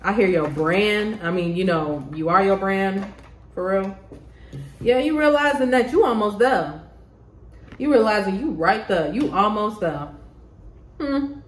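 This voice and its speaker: A woman giving a casual tarot reading to the camera, excitable, laughing often and swearing freely. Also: medium pitch, unhurried, a little hiss or hum. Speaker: tarot reader. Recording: roomy echo.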